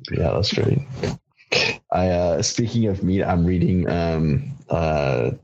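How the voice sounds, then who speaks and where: A man in casual podcast chat, telling stories loosely with halting ums. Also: sits low, expressive, dark tone, dull audio.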